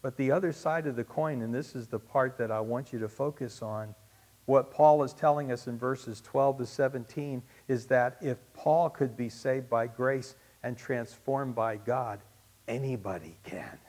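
Delivering a sermon at a measured pace, this medium-pitched pastor addresses his congregation. He moves from booming, emphatic moments to quiet asides, repeating important phrases for emphasis.

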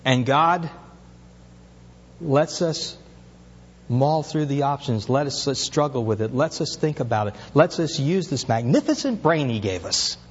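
A man's voice: medium pitch, expressive, unhurried, big-room sound, dull audio, a little hiss or hum. A pastor preaching an earnest sermon, his voice rising as he asks questions.

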